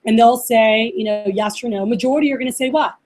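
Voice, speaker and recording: A woman leading a live training workshop for a group, talking in an animated way, acting out phone calls and often checking in with "all right?". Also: on the high side, fast.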